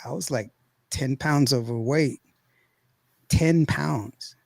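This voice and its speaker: A man, hosting a podcast and telling a long, rambling, animated story full of laughter and acted-out quotes. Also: mid-range voice, slow pace, creaky, no echo. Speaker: podcast host. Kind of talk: casual storytelling chat.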